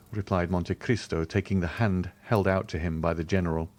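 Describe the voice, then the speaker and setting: A man narrating a classic novel as an audiobook, measured and formal. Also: low voice, flat delivery, a little mellow. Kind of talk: scripted narration.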